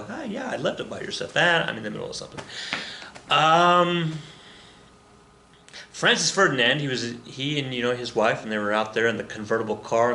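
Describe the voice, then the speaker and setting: A man's voice: medium pitch, creaky, fairly bright tone. A man teaching history in a rambling, joking way, often correcting himself as he goes. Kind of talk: recorded classroom lecture. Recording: roomy echo with faint ambience.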